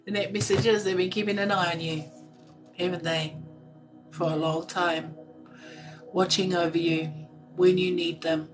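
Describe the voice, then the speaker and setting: A woman giving a live intuitive card reading, talking in a soft, slow, meditative way and reading card text aloud. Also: lowish voice, level tone, far from the mic, music in the background, rough recording.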